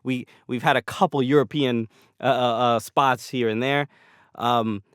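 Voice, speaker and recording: An American man talks loosely on a podcast, circling back and restarting his sentences as he goes. His voice is smooth and clear at an ordinary middle pitch, recorded close and dry with no room sound. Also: fairly even intonation, a little slow, no echo. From United States. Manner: rambling, many restarts and fillers. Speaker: podcast guest, comedian. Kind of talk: casual podcast chat.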